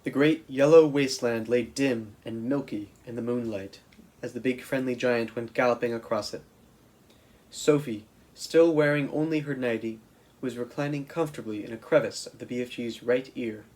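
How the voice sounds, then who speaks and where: A man's voice: mid-range voice, normal speed, rough recording. Man reading a storybook aloud. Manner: steady, plain narration with small restarts. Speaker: camp counselor reading aloud.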